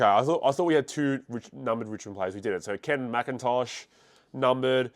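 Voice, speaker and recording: A man's voice: mid-range voice, no room sound, studio quality. A young man with a congested voice, casually chatting and reacting as he opens trading card packs on his channel. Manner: excitable, quick bursts of surprise over pulls. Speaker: card-breaking channel host. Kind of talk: casual card-opening vlog.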